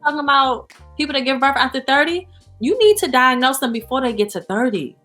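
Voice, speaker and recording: A woman speaking as an interview guest in a candid, animated way, full of "you know" and "like". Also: high voice, fairly quick, soft background music. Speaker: guest, founder of a support organization. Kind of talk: casual interview chat.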